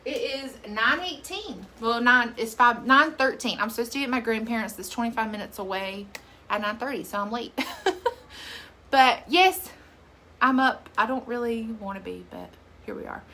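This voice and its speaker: Bright chatty woman vlogger. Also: a little high, expressive, normal speed, a little hiss or hum. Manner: chatty, reads viewer comments aloud, laughs often. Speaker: makeup seller livestream host. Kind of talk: casual live chat.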